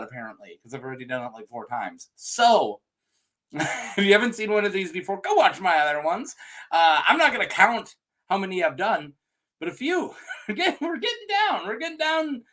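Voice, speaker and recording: A man's voice: high-pitched, expressive, a little fast, a bit bright. A man talking to his viewers in an unedited, rambling rant, joking and improvising as he goes. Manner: rambling, jokey, improvised, with restarts and laughs. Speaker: video creator talking to viewers.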